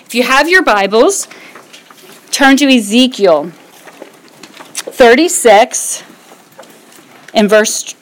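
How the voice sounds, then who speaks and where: Woman preaching, high voice, very lively pitch, rhetorical questions. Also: slow pace, long pauses. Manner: expressive, rhetorical questions, reads scripture aloud. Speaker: Bible teacher. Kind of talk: sermon, Bible teaching.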